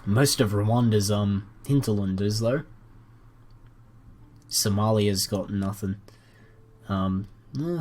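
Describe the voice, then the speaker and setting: A man casually commenting on a strategy game as he watches, playful and jokey, with excited outbursts. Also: medium pitch, takes it slowly, pauses often. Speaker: gaming commentator.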